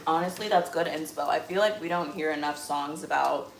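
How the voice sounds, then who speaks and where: A woman's voice: low-pitched, fairly quick, vocal fry. A young woman hosting a casual live cooking stream from her home kitchen, chatty and blunt, with casual swearing. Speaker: livestream host. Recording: roomy kitchen echo, faint background noise.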